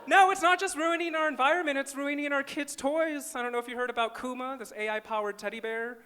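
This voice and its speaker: A man's voice: very high voice, fairly even intonation, fast, bright, forceful tone. A man from small-town Minnesota doing a live stand-up comedy set on stage, with wry, self-deprecating punchlines.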